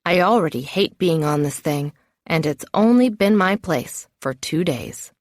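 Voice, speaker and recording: A woman narrating a first-person novel with a wry, self-mocking inner voice. Her voice sits on the lower side and the recording is close and dry. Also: expressive, a little slow, no room sound. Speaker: audiobook narrator.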